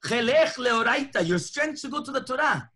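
A man's voice: very high-pitched, normal speed, breathy edge. A man, a rabbi, teaching a lunchtime Torah class, telling stories and acting out the dialogue. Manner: animated storytelling, acting out dialogue.

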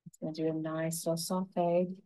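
Low, mellow-voiced woman teaching painting. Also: level tone, poor audio. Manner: gentle, unhurried, talking through each brushstroke. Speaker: painting instructor. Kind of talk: step-by-step painting tutorial.

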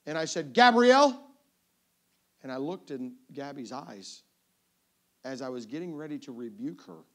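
Speaking in a mid-range voice at an ordinary pace, a middle-aged man preaches as an evangelist through a family story. He's animated, voicing the characters with crying and shouting.

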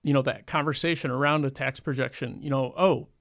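Chatty man with a gravelly voice. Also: mid-range voice, fairly even intonation, quick pace, fairly bright tone. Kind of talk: casual studio conversation. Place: radio studio.

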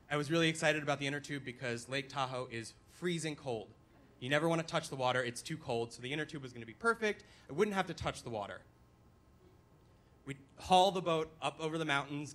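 Young man, live storyteller, bright tone, animated comic delivery. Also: mid-range voice. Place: stage at a dance venue.

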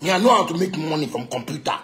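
A man's voice: on the high side, lively intonation, quick pace, fairly bright tone, slight background noise. A man from Ghana with a Ghanaian Pidgin English accent, a musician ranting in a boastful, taunting, profane monologue that keeps repeating its points. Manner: repetitive, insistent.

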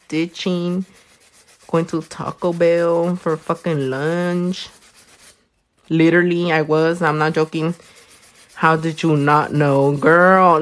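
A young woman does nails on a livestream while casually chatting, swearing openly and recounting stories with energy, now and then leaping into squeaky high-pitched voices.

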